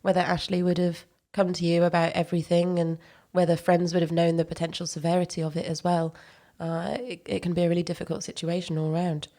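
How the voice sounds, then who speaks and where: A British woman conducts an interview, putting her questions gently and carefully. Her voice sits a little low for a woman, and she speaks in a calm, even way. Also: a little fast.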